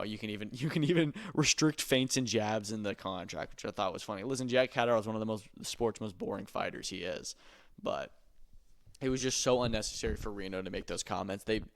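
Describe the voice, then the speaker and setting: Dude with a gravelly voice, loose opinionated chat about fights, swears a bit. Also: male voice, fairly low pitch. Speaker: podcast host. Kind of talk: casual chat about combat sports news.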